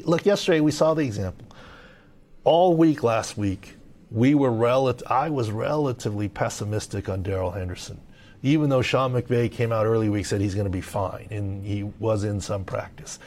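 A man's voice: lowish voice, normal speed, a little mellow. A middle-aged man from Southern California, giving emphatic podcast injury analysis and leaning on "look" and "right?". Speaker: sports medicine analyst.

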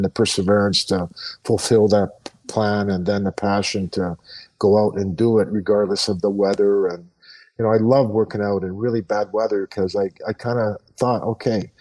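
Middle-aged male guest, very low voice, earnest and halting, off-mic sound. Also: fairly even intonation, a little mellow, recorded from a distance, poor audio. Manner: earnest, reflective, many fillers and restarts. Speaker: guest, retired pro hockey player. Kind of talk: casual podcast interview.

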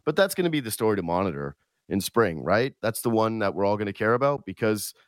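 A man's voice: on the low side, sing-song, fast talker, no room sound, clean studio sound. A man with a cold hosting a sports radio show, talking alone in a sarcastic, rambling way with lots of restarts. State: sick, losing his voice. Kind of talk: casual solo monologue. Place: radio studio.

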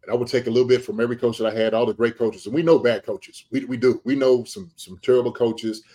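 Male sports podcast host, mid-pitch, casual and agreeable. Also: fairly even intonation, dark tone, slightly rough. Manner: agreeable, chatty, backs the guest with quick yeahs. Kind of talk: casual interview chat.

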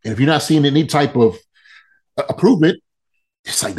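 A man's voice: on the high side, animated, a little fast, pauses often, darkish tone. A man chatting casually on a sports podcast, loose and joking, repeating phrases for emphasis.

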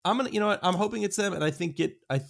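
A man co-hosting a sports podcast, chatting casually in a hesitant, halting way. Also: high-pitched, creaky. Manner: hesitant, halting, lots of restarts. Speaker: podcast co-host. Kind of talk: casual chat.

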